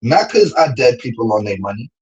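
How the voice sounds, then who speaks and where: A man, ranting in casual livestream chat, slangy and animated, laughing often. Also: mid-range voice, fairly quick, breathy edge, dull audio. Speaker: streamer.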